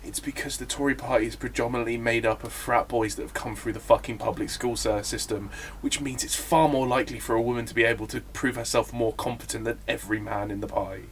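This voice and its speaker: A man co-hosting a casual political podcast, animated, sweary and mocking. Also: medium pitch, fast, a little hiss or hum. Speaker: podcast co-host.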